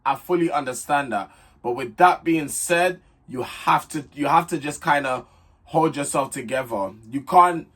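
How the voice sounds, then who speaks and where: A man's voice: fairly high pitch, fairly bright tone. A young man giving a blunt, chatty vlog recap of a reality TV show, talking straight to camera. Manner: chatty, blunt and direct, frequent restarts. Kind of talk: casual review chat to camera.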